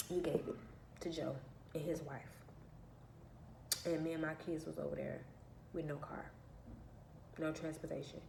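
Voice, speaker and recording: Woman, vlogger, low pitch, emphatic repetitive rant, echoey room, faint background hiss. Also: gravelly, a little mellow. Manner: emphatic, repeats phrases, aggrieved. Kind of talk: personal storytelling rant.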